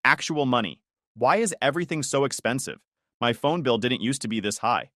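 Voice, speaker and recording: A man's voice: medium pitch, animated, a little fast, fairly bright tone, no echo, studio quality, close to an everyday voice. A man voicing a young woman who snaps and sulks like an entitled sister. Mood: snapping. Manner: snapping, sulky.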